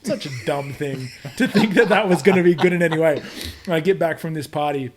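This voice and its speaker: A man's voice: a little high, fairly quick, crowd noise. A young Australian man chatting on a podcast. He tells stories with real energy, swears as he goes and acts out quotes in voices. It sounds casual and unscripted. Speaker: podcast guest. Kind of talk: casual chat.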